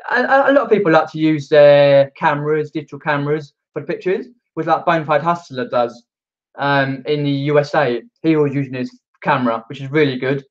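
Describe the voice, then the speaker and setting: Reading viewer comments aloud on a live stream, an outer-London English man with a Mockney accent rambles casually, packing in fillers. He talks fairly quickly in a fairly high voice, and the audio is lo-fi.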